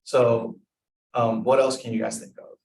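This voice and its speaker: The recording comes from an echoey club meeting room with a distant mic and a little hiss or hum. A young man there leads a casual discussion in a medium-pitched, level, darkish voice at a measured pace, rambling with many fillers and acting out example dialogue.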